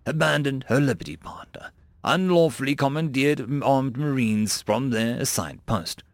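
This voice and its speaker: A man's voice: medium pitch, moderate pace, no echo. A man narrating a story with wry, playful asides. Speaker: audiobook narrator.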